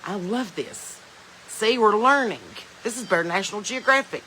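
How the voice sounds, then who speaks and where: This woman, a podcast host from the Southern US, has a medium-pitched voice with lively intonation, a normal speed, and a bright, forceful tone. On a casual smartphone live stream she rambles, laughs often, and reads viewer comments aloud. The low-quality recording carries slight background noise.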